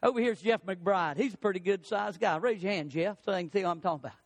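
A pastor with a very high voice delivers an emphatic sermon. He climbs on his questions and drops low and soft on key phrases. The sound is close and dry, with no room echo. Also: fast. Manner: emphatic preaching, rising on questions and dropping low on key words. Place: church.

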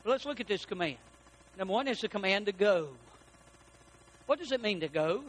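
High-voiced folksy preacher. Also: male voice, a little fast, slight background noise. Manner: folksy, animated preaching with rhetorical questions to the congregation. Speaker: pastor. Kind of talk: sermon. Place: church sanctuary.

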